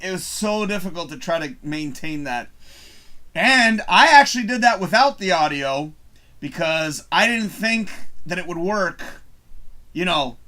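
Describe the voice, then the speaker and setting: A man hosts a casual live stream, rambling, chuckling and reading viewer comments aloud between drinks. His voice sits high and swings a lot in pitch, with a bright, forceful edge. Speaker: live show host.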